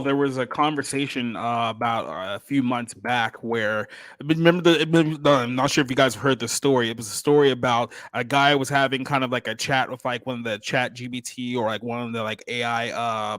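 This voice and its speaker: A man's voice: mid-range voice, a little fast, fairly bright tone, no room sound. A man hosting a faith podcast, casual and rambling, with many fillers. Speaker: podcast host. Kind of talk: casual chat.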